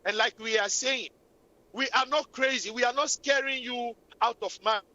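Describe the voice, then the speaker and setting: This woman talks at a normal speed in a fairly high, sharp-toned voice. She hosts a radio talk show, repeatedly and passionately scolding and preaching about relationships, recorded with lo-fi radio sound.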